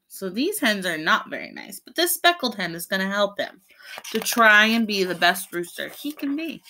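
A woman's voice: mid-range voice, normal speed. A woman, a preschool teacher, reading a picture book aloud to children and explaining the pictures as she goes. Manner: explains the pictures between pages, animated.

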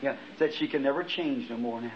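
A man's voice: medium pitch, a little fast, crowd noise. A middle-aged man preaching a sermon, telling a vision as a story with impassioned rising exclamations. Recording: dull lo-fi archival tape.

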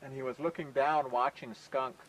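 Relaxed male folk storyteller. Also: medium pitch, moderate pace, a little hiss or hum, rough recording. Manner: relaxed, conversational, frequent "you know".

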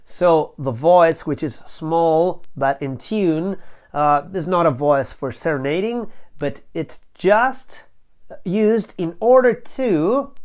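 An unhurried teacher explains each word slowly and deliberately. The delivery is patient and methodical, working through small details one at a time at a mid pitch. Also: lively intonation, darkish tone. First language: Italian. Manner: patient, spells out words step by step. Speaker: language teacher. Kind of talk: slow explanatory lesson.

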